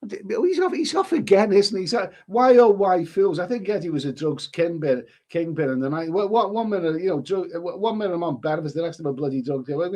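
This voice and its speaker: An older travel vlogger from Liverpool talks casually on a live stream in a Scouse accent, calling viewers "mate." His voice is high-ish and darkish, animated and brisk with few pauses, and he rambles with frequent restarts.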